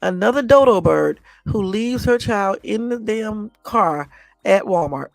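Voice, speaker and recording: Exasperated gravelly woman ranting on a live. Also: mid-range voice, expressive, measured pace, no echo. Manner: exasperated, blunt and repetitive, casual swearing. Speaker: channel host. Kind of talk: casual live commentary on news clips.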